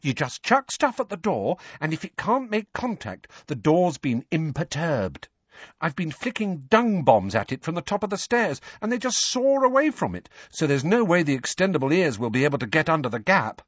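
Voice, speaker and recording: A man voicing a teenage girl in an audiobook, in a raised, hushed plotting tone. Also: a little high, sing-song, normal speed, slightly rough, no room sound, lo-fi sound, pitched above the performer's own voice. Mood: eager. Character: teenage girl, earnest and certain. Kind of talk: audiobook character voice.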